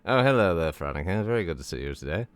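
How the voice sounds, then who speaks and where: Low, smooth-voiced man rambling through a game. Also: expressive, fast talker, no room sound. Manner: rambling, repeats "yes" and "good" a lot; dry self-mocking humour. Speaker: game streamer. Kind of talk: casual gameplay stream commentary.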